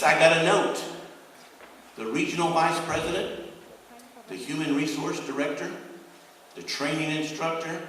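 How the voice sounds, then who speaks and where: A man's voice: on the high side, slight background noise. A middle-aged man from the United States tells a motivational story to students, switching between voices as he acts out each exchange. He is heard from far off, and the sound echoes heavily around a large hall. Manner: animated storyteller acting out dialogue. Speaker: guest speaker. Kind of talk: motivational speech. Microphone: far from the recording mic.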